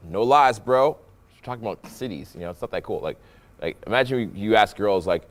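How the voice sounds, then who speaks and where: A young man from Canada, a dating coach, talking through pickup clips with a playful, animated voice that drops low for effect. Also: fairly quick. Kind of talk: voice-over breakdown of pickup clips.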